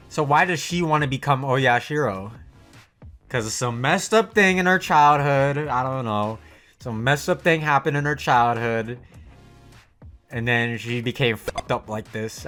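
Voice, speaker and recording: With a medium-pitched voice, a man comments on anime as he watches, laughing a lot and swearing without restraint in a loose, lively reaction.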